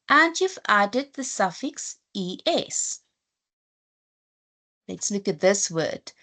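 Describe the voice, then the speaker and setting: A South African woman teaching a spelling lesson at a very unhurried pace. Her voice sits fairly low, and she spells letters out one at a time with patient, careful explanations. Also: a bit bright. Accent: South African English. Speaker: English teacher. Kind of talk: slow, deliberate classroom lesson.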